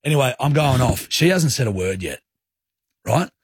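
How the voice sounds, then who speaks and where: An Australian man hosting a radio show, telling a story in a casual, animated way and acting out his own anger. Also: medium pitch, normal speed, slightly rough. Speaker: radio host. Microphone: studio microphone.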